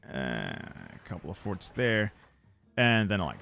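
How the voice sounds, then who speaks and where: A man's voice: low-pitched, sing-song, a little slow, gravelly, pushed and bright. Chatty man narrating a strategy game. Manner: chatty, answers viewers, mutters repeated words. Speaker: gaming channel host. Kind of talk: casual strategy game commentary.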